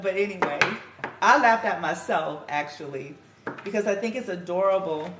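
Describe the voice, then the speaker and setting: A woman's voice: mid-range voice, normal speed. A woman giving a casual, chatty spiritual tarot reading, laughing often and swearing casually. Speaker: tarot card reader. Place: room at home with music playing. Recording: echoey room with music playing.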